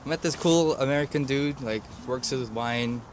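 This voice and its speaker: A young man from Korea, a university student, telling a story in a relaxed way with lots of "like" fillers. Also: mid-range voice, moderate pace, slight background noise. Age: young adult. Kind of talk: casual storytelling chat. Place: outdoors in a city.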